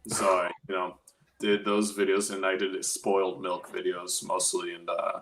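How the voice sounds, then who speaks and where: Low-voiced young man telling his story. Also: completely flat delivery, moderate pace, a bit bright. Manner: rambling, candid, swears casually. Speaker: guest, opera singer and grad student. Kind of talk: casual storytelling chat.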